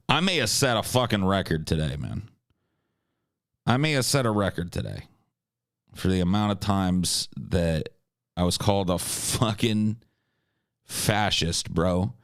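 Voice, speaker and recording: A man's voice: lowish voice, no echo, studio quality. A man hosting a livestream, chatting casually and reading viewer comments in a crude, profane, sarcastic way. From United States. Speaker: livestream host.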